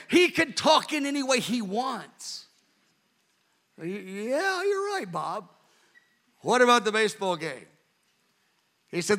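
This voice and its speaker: A man, preaching by telling an anecdote in a lively way, with chuckling asides. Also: high-pitched. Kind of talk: storytelling sermon.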